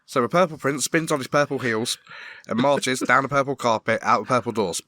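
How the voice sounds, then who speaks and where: Middle-aged male co-host spinning a silly story, bright tone, dry recording. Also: medium pitch, fairly quick, dry recording. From Britain. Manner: repetitive shaggy-dog joke telling, laughing through lines. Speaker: podcast co-host. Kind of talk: comic storytelling among friends. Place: garage.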